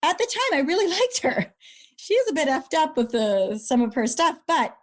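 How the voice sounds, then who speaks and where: Middle-aged woman guest, higher voice, earnest, heartfelt storytelling. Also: moderate pace. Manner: earnest, animated, repeats words when moved. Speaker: guest, brain injury survivor. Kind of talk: emotional personal storytelling.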